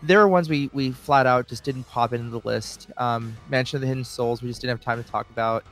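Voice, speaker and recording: Relaxed male podcast host. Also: medium pitch, fairly quick, faint music behind. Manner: relaxed, hesitant with fillers, signs off the show. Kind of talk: casual chat.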